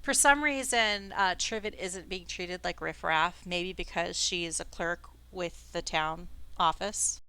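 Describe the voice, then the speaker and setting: A woman game master narrating a tabletop game in a chatty, animated way. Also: lowish voice, measured pace, hardly any pauses, clear, resonant tone.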